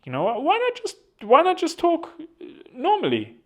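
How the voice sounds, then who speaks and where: A man's voice: very high voice, wildly swooping pitch, moderate pace, fairly bright tone. A young South African man giving casual political commentary, rambling and poking fun at himself. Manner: rambling, self-deprecating joking. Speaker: vlogger.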